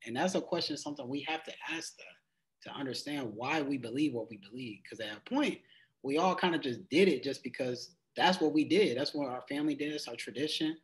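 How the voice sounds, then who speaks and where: A man of average pitch teaching a Bible study. He reads passages aloud in their old-fashioned wording, then breaks them down in relaxed, rambling talk, circling back with "it's like" as he explains. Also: brisk, rough recording. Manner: conversational, loose phrasing with frequent "it's like". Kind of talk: casual Bible study teaching with scripture reading.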